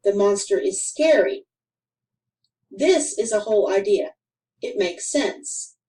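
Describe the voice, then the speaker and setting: A woman reading a grammar lesson for children aloud, in a careful, deliberate way with clear pauses. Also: medium pitch, lively intonation, warm tone, recorded from a distance, rough recording. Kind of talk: slow scripted instructional narration.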